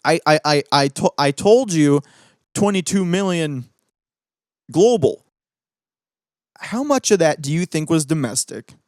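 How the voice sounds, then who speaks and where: A young man hosting a podcast, ranting excitably about movies with swearing and gloating. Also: fairly high pitch, measured pace, long pauses, no room sound, studio quality. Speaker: podcast host. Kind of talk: casual ranting commentary.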